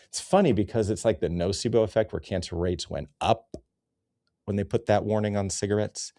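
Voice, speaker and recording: A man's voice: lowish voice, a little fast, warm tone, no echo, studio quality. A man ranting in a sarcastic, rambling comedy commentary, cursing often.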